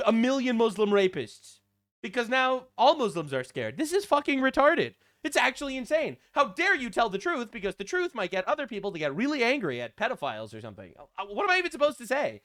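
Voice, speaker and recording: A man riffing through sarcastic political commentary, fast and mocking, with a high voice that jumps around a lot. His talk is profane and scornful, and now and then he slips into put-on voices to mimic the people he quotes. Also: bright, forceful tone.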